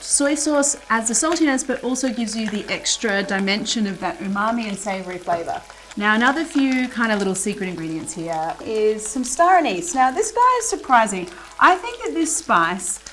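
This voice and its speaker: A woman's voice: mid-range voice, slight background noise. A woman hosting a cooking show, chatting casually through a recipe as she cooks in a kitchen. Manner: chatty, relaxed, with fillers. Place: home kitchen.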